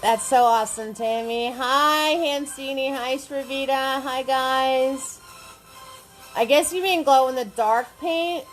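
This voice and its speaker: Slow and steady, a high-voiced woman hosts a live paint party class, greeting viewers by name and chatting while she works. Faint music plays behind her on poor-quality audio.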